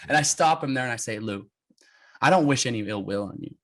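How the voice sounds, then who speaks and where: Animated man telling a story. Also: medium pitch, fast talker. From United States. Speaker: guest. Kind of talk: storytelling interview.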